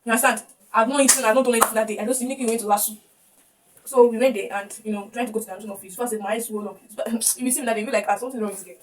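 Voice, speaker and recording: This young adult vlogger, whose accent is Nigerian, races through a personal story told to camera. Her voice is a little high with fairly even intonation, and she's emotional, repeating words often. Faint background noise comes through a distant mic.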